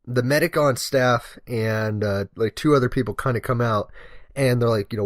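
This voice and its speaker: A man's voice: lowish voice, moderate pace, dry recording, clean studio sound. Young man telling a rambling story. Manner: rambling, deadpan, joking. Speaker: guest commentator, firefighter-medic. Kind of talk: casual profane storytelling over gameplay.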